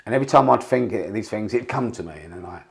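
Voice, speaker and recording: Low-voiced rambling man telling stories. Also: animated, quick pace, gravelly. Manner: rambling, swears, restarts a lot. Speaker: podcast guest. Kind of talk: candid storytelling interview.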